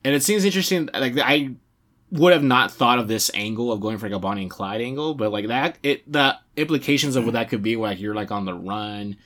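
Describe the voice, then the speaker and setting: A man co-hosting a casual chat about video games, rambling and animated, filling his talk with "like". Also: medium pitch, a little fast. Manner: rambling, heavy use of "like", animated. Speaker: podcast co-host.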